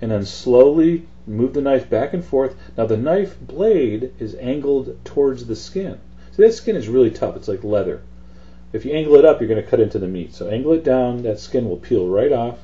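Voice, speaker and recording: Relaxed man teaching a recipe. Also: medium pitch, moderate pace, muffled recording. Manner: chatty, relaxed instruction with fillers. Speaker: cooking show host. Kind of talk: casual cooking demonstration.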